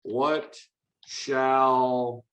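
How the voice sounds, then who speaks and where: A man voicing a gruff male pirate that talks through a computer, in a slow, drawn-out drawl. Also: medium pitch, little pitch movement, a bit bright, lo-fi sound.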